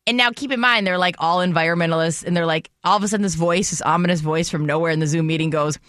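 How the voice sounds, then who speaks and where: A woman's voice: on the low side, fast, no room sound, studio quality. A woman co-hosting a radio show, telling a story in casual chat and acting out the other voices in it. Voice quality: animated, acts out voices in her stories. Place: radio studio.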